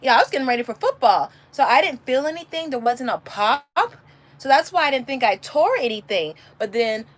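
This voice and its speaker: A woman's voice: sits high, lively intonation, brisk. Chatty woman on a live stream. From California. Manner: chatty, rambling storyteller with restarts. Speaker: homeschooling mom on a livestream. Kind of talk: casual live chat. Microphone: phone or webcam, answering a live chat.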